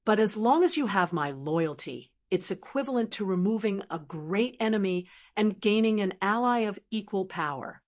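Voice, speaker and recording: A shrewd young island heiress pleads her case with confident persuasion, as a woman reads her in an audiobook. Her voice sits a little raised above the narration, steady and assured. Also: mid-range voice, moderate pace, few pauses, close to an everyday voice. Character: shrewd, confident young female sea lord's heir.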